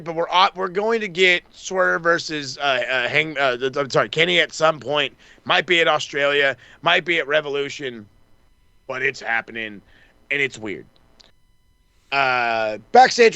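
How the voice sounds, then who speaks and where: A man's voice: a little high, gravelly, bright, forceful tone, no echo. A man co-hosting a wrestling podcast, rambling through a casual recap, swearing freely and acting out the wrestlers' lines. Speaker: podcast co-host.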